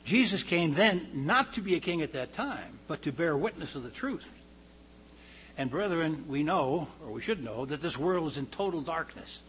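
Male preacher, slightly high voice; measured Bible-study delivery, lifts for quoted lines, faint hum underneath. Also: expressive, poor audio. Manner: measured reading with frequent throat clearing; reads quotes louder and higher, drops low for comments. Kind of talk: verse-by-verse Bible study sermon.

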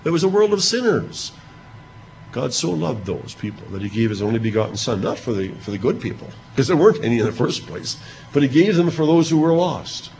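A man preaching a sermon, retelling scripture with animated emphasis on quoted speech. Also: mid-range voice, brisk, creaky, a little hiss or hum. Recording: dull lo-fi recording with faint ambience.

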